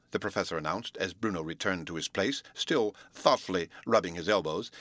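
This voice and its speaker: A man reading a storybook aloud, narrating in a steady, even way between the voiced lines. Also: low voice, brisk, few pauses, no room sound. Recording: dry close recording.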